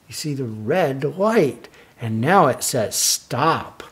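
An older man reading a children's picture book aloud, slow and lively, stopping to ask young listeners questions. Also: medium pitch, husky.

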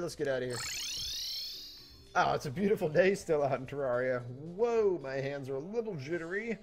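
A young man giving jokey, animated commentary as he plays a video game, talking to the game and to his viewers, a little tipsy. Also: on the high side, moderate pace, soft background music. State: tipsy from drinking. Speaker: gaming YouTuber. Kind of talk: let's play commentary. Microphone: desktop mic without pop filter.

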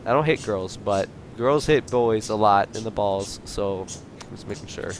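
A young man hosting a Minecraft livestream, excitable and teasing, swearing often and breaking into sudden shouts. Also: lowish voice, a little slow, a little hiss or hum. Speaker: livestream host playing Minecraft. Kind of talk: casual gaming chat.

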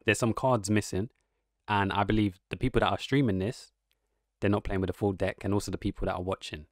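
A man's voice: fairly low pitch, fairly even intonation, brisk, no echo, studio quality. A man giving casual, rambling reaction commentary, amused and musing aloud as the host.

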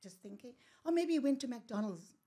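A woman's voice: a little high, lively intonation, a little fast, warm tone, slightly rough. An Australian woman, a podcast guest, telling a painful personal story and often sinking to a near whisper at the hardest moments.

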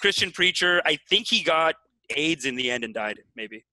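A young man co-hosting a casual comedic chat, excitable and laughing a lot. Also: on the high side, moderate pace, dry recording, poor audio. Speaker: co-host.

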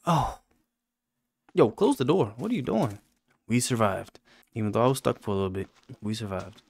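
A man hosting a gaming channel, giving casual commentary on a horror game and yelping high when he gets scared. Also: lively intonation, normal speed, vocal fry, a little mellow, slightly rough, no echo, clean studio sound. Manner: talks to game characters jokingly.

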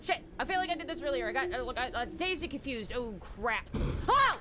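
A woman's voice: high voice, animated, a little fast, background noise. A woman streamer, giving jumpy live commentary on a horror game, shrieking in fright and chatting with her viewers.

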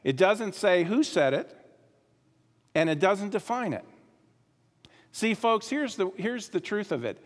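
Brief: male pastor, high-pitched, emphatic sermon delivery, long hall reverb. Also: big pitch swings, unhurried, long pauses. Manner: emphatic, repeats key phrases, drops to quiet asides. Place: church sanctuary.

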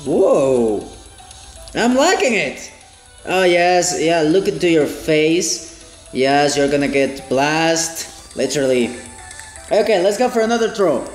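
A man with a high, lively voice gives let's play commentary, breaking into excited exclamations as he plays. He speaks at an unhurried pace in a roomy, echoing space with faint game music behind him. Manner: excitable, exclaims and laughs often. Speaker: gaming channel host.

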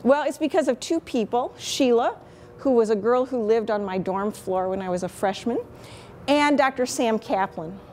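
A woman's voice: on the high side, darkish tone, slight background noise. A woman in her fifties with a Chicago accent, a microbiology professor giving a candid, chatty talk on teaching. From Chicago, USA. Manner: candid, chatty, self-deprecating.

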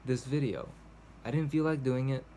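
A man's voice: mid-range voice, normal speed, warm tone, a little hiss or hum. A man recording a casual video journal at home, talking to the camera in a rambling, hesitant way, full of fillers and restarts. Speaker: vlogger. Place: cold home indoors.

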